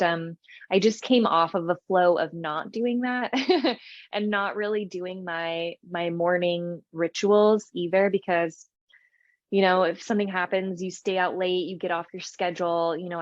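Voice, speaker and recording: A woman's voice: lowish voice, no echo, dull audio. A young woman co-hosting a podcast, chatting casually with lots of fillers, restarts and laughs. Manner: rambling, many fillers and restarts, laughs often. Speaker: podcast co-host. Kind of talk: casual chat.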